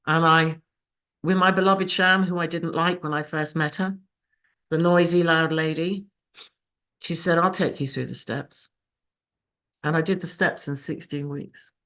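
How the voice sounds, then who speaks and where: Woman, lowish voice, raw emotional recovery share, swears, video call. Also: steady tone, unhurried, fairly bright tone. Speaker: speaker sharing her recovery story. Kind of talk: personal testimony at a support meeting.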